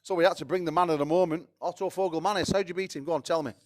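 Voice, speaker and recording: A man promoting fights at a press conference, excitable, swearing and stumbling over repeated words. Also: fairly high pitch, very fast.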